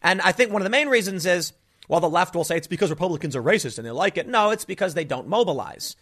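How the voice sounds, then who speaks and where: A man's voice: high voice, animated, fast talker, fairly bright tone. A man delivering a casual political opinion monologue to camera, rambling with frequent restarts and fillers. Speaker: political commentator.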